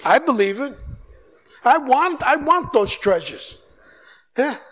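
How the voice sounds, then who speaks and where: A man with a notably high voice preaches a fervent sermon. He presses his listeners with quick questions and plays out little back-and-forth dialogues, his voice climbing as he urges them on. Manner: exhorting, animated, mimics dialogue. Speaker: guest preacher.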